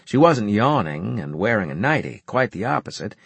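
A man reading a first-person audiobook narration in a measured, wry storytelling manner. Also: lowish voice, sing-song, vocal fry, breathy edge, no echo.

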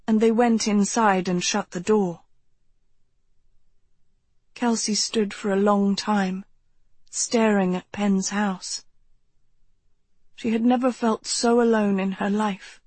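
A woman narrates a novel in a slow, gentle, measured way. Her voice is soft and breathy at a middle pitch. The recording is dry and close, with no room sound. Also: dry recording. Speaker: audiobook narrator. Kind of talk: scripted narration.

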